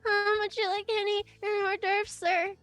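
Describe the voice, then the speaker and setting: A woman's voice: very high voice, level tone, normal speed, fairly bright tone, faint music behind, voice pushed up. Woman doing a tiny shy filly pony. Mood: eager. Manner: hesitant, stammering, polite.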